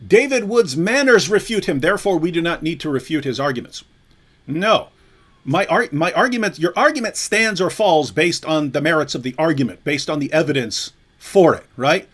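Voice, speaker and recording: A man hosting a livestream, calmly reasoning through points in a conversational way. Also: a little high, normal speed, husky. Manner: reasoned, conversational, explains with examples. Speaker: livestream host. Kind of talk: casual commentary.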